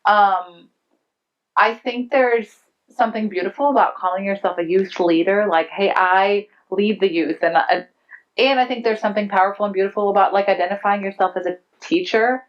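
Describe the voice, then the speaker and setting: A woman's voice: medium pitch, highs cut off. A woman on a conference panel, talking in a thoughtful, casual way and often saying "like". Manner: thoughtful, frequent "like" fillers. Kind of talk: casual Q&A discussion. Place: conference room.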